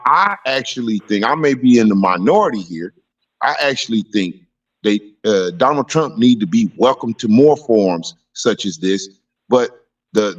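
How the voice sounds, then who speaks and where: A man calling into a talk show, giving his opinions in a steady, profane way. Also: lowish voice. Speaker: caller. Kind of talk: call-in opinion. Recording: muffled distant phone line.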